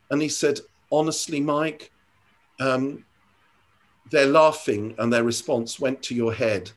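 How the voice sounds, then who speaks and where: An older man, a church leader, talking in an interview, earnest and reflective, often pausing and restarting his sentences. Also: medium pitch. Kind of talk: conversational interview storytelling.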